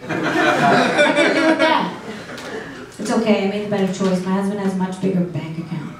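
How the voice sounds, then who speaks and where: A middle-aged woman doing a stand-up comedy set with dry, deadpan delivery and audience banter. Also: mid-range voice, normal speed, crowd noise. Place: comedy club stage. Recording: echoey club room from far off, noisy.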